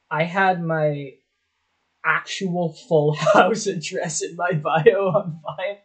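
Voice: mid-range voice, low-quality recording. A young adult vlogger giving casual reaction commentary on old clips, swearing often, mocking themself and laughing.

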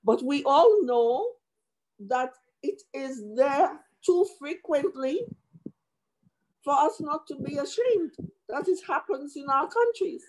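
Emotional woman commissioner at a hearing, highish voice, slow and halting, video-call sound. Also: lively intonation, rough recording. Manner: impassioned and emotional, many restarts. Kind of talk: formal hearing statement.

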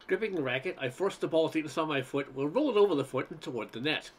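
A man reading a humorous essay aloud in a wry, expressive storytelling manner. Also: on the high side, racing, few pauses, a little hiss or hum.

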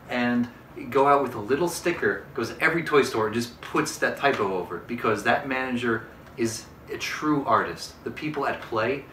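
A man's voice: medium pitch, sharp tone, a little hiss or hum. A man hosting a comedy unboxing review, talking in mock-earnest, overexcited salesman patter. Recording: roomy echo, mic at a distance.

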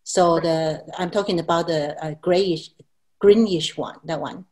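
Woman, lowish voice, halting with restarts, self-deprecating laughs, video call. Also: fairly even intonation, darkish tone. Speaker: Chinese language teacher. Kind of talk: explanatory video call chat.

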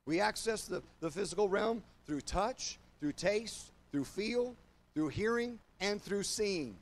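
An older man, a pastor, preaching a sermon to his congregation and online viewers, moving from loud emphatic declarations to low, slow confiding passages. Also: lively intonation.

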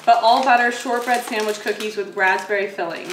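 A woman chats her way through a snack tasting, laughing often and thinking out loud between bites. Her voice sits at an ordinary middle pitch. She sounds a bit distant from the mic, with a roomy echo and a faint hiss underneath. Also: a little fast. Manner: chatty, laughs often, muses while tasting. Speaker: food vlogger. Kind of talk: casual food review chat. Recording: echoey room, mic set back.

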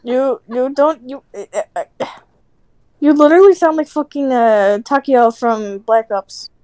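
A woman with a high voice trading crude, teasing banter during a group game stream. Her voice is close and dry, with no room sound. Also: unhurried, warm tone, smooth, no room sound. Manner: crude, teasing, swears freely.

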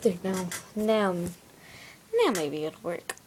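A woman's voice: lowish voice, big pitch swings, extremely slow, a little mellow, a little hiss or hum. A woman rambling casually in a home vlog, recorded on a handheld music player, often dropping into whispered asides. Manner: chatty, drifts into whispered asides. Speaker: new video maker. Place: at home near her bed. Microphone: handheld music player camera.

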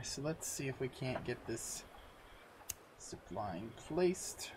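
A man's voice: mid-range voice, sing-song, takes it slowly, noisy background. A man hosting a let's-play video, chatting casually to viewers and himself while he plays. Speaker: gaming video host.

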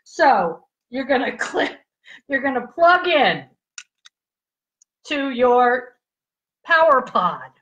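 High-voiced chatty woman livestreaming. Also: big pitch swings, slow pace, long pauses, a bit bright. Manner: chatty, giggly, checks in with viewers constantly. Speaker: livestream host demonstrating skincare patches. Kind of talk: casual live product demo. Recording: dull lo-fi livestream audio.

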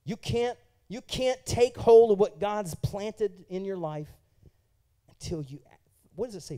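A man preaching a sermon as pastor in a church, moving from quiet, personal testimony to loud, fervent preaching while questioning the congregation. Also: high voice, sing-song, measured pace.

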